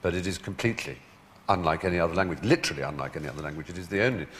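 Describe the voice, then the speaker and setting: A man's voice: low-pitched, rapid-fire, a bit bright, a little hiss or hum. A man as a talk show guest, telling stories in a wry, theatrical way with frequent laughter. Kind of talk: anecdotal chat.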